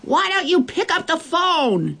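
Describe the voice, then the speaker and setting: A woman's voice: on the low side, sing-song, a little fast, gravelly, slightly rough, full character voice. A woman voicing an eager little girl in a storybook, calling out help and directions. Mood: shouting. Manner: shouting, helpful.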